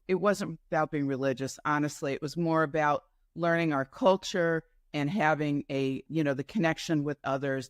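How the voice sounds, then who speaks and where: A woman's voice: sits low, smooth, dry recording. Woman telling meandering stories, dry sound. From New York. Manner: meandering, with frequent asides and self-corrections. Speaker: guest entrepreneur. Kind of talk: casual interview storytelling.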